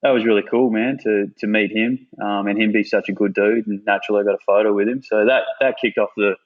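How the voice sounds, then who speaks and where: A man's voice: lowish voice, fast talker, phone-quality sound. A man with an Australian accent, a podcast guest telling stories casually, swearing freely. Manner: swears freely, animated retelling. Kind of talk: casual storytelling.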